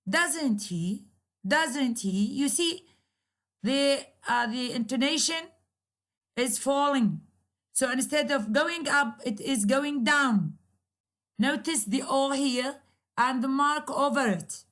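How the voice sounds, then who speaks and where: A university English lecturer, a woman whose first language is Arabic, walks through grammar at a slow, deliberate pace. Her voice sits high, and she circles back over each point with small hesitations and repeated phrases. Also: a bit bright.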